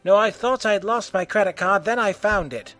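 A man's voice: sits high, moderate pace, fairly bright tone, faint music behind, voice pushed up. A man voicing a weary, dismissive young woman.

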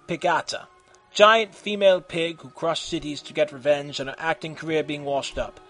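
Male narrator, deadpan comic storytelling, slightly higher voice, faint music bed.

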